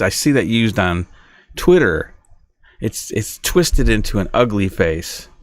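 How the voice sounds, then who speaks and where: A middle-aged host talks alone on his podcast, his lowish voice captured cleanly with no room sound. Aggrieved and meandering, he keeps stopping mid-thought to begin again.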